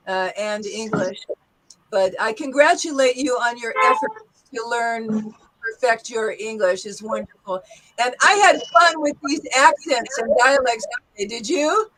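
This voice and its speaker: Woman, English teacher, slightly high voice, encouraging, leads drills. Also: a bit bright, poor audio. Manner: encouraging, drills phrases, laughs often. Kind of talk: interactive pronunciation lesson.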